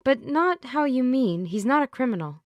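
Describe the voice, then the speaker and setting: Woman doing an anxious young woman, urgent, higher than her narration. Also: lively intonation, moderate pace, dry recording, highs cut off.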